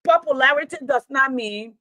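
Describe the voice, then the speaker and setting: A woman with a fairly high voice speaks in a forceful, impassioned monologue. She lectures her listeners like a teacher, hammering points home by repeating them. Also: normal speed, no room sound, poor audio. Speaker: teacher and online commentator.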